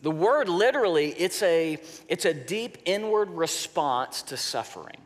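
A man preaching a sermon as pastor, in a slow, deliberate way, often dropping his voice soft for emphasis. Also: fairly high pitch, expressive. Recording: long reverb of a large hall.

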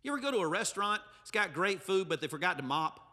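A man's voice: high voice, big pitch swings, quick pace, sharp tone, in a large hall. A male pastor, preaching a humorous, emphatic sermon with asides to the congregation. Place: church sanctuary.

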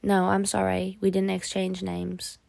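A gentle, wry older Frenchman, calm and kindly, read by a woman. The voice has a gravelly edge and is recorded close and dry. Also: high voice, measured pace, no room sound, exaggerated voice. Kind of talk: audiobook character voice.

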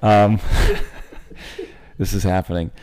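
A man's voice: fairly low pitch, fairly even intonation, slow pace, warm tone, clean tone. A man co-hosting a podcast, chatting casually, blunt and profane, spinning jokey hypothetical stories. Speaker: podcast co-host. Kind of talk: casual chat.

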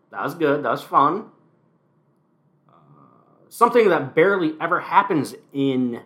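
Male podcast host, animated delivery, sarcastic commentary, solo recap from home. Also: medium pitch. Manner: wry, sarcastic asides. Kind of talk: casual solo wrestling recap.

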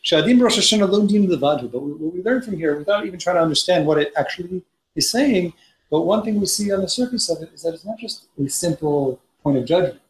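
A man's voice: fairly high pitch, expressive, fast, a little mellow. A man teaching a Torah study class, reading Hebrew passages aloud and explaining them in English with frequent restarts. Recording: roomy echo, faint noise.

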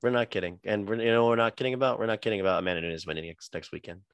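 A man's voice: on the low side, racing, clean tone, no room sound. A young man co-hosting a podcast, laid-back, announcing the next matchups and agreeing along. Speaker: podcast co-host. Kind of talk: casual fight-talk podcast chat.

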